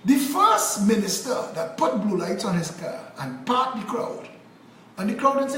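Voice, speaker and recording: A man's voice: high-pitched, sing-song, a little slow, sharp tone, roomy sound, slight background noise, rough recording. A man from Trinidad and Tobago with a Trinidadian accent, giving an angry, impassioned political monologue to camera in a preaching cadence. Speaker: political commentator vlogger.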